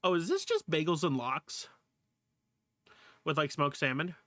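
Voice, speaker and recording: A male streamer in a relaxed livestream chat, talking slowly and sitting a bit higher in pitch than most men. He laughs a lot, swears casually and calls out at the screen. The sound is dry and close, with no room echo.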